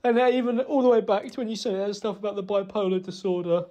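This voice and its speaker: A man's voice: sits high, fairly even intonation, warm tone. A man in a played message, rambling through an emotional apology and blaming himself. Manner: halting, self-reproaching, rambling.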